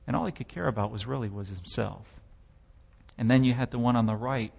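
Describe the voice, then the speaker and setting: A man's voice: mid-range voice, a little fast, gravelly, a little mellow, husky, big-room sound, lo-fi sound. A man giving a sermon testimony, telling his story with impassioned, dramatic swells.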